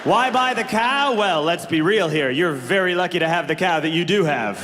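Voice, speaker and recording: A man's voice: sits high, expressive, moderate pace, heavy background noise. A man doing a stand-up set with a dry, wry, roasting delivery. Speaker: stand-up comedian. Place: comedy club stage. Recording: live club with loud crowd laughter.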